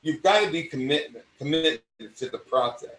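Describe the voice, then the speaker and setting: Older acting coach, mid-Atlantic accent. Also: male voice, a little high, moderate pace, distant mic. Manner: animated, rambling, self-interrupting. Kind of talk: casual conversation. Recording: echoey room, away from mic.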